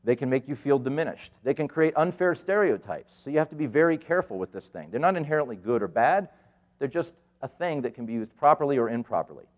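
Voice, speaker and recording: Keynote speaker, middle-aged man, animated storyteller, mid-pitched. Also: fast talker. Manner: animated, acts out quoted voices. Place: conference hall stage.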